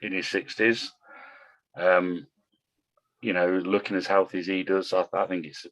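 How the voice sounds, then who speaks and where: Deep-voiced blunt man. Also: little pitch movement, a little slow, fairly bright tone, rough recording. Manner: blunt, swears freely, repeats words. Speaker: guest bodybuilder. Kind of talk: casual podcast chat.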